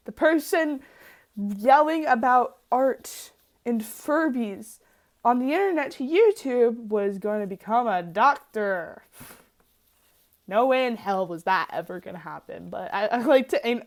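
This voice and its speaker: Young woman, art student vlogger, somewhat high voice; rambling, excitable, quick to laugh, casual swearing. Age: young adult. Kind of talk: casual sketchbook tour vlog.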